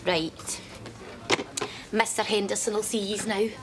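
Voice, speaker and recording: A woman's voice: medium pitch, steady tone, unhurried, noisy background, lightly acted. A woman playing a gushing Scottish factory worker. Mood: chatty. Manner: chatty, gushing. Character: chatty female factory canteen worker.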